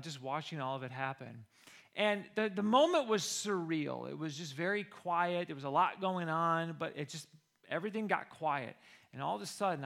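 Coach guy telling a story, fairly high voice, really bright sound, does the voices of the people he quotes. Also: creaky. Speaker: football coach. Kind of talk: storytelling talk.

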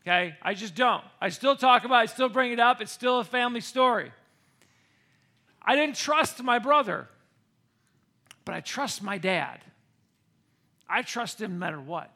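A man with a very high, bright voice tells a personal story to a crowd. He keeps turning to his listeners with quick checks like "okay?" and "right?". His tone is lively, with a ringing edge. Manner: addresses listeners directly with frequent "okay?" and "right?". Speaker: speaker telling a personal story to an audience.

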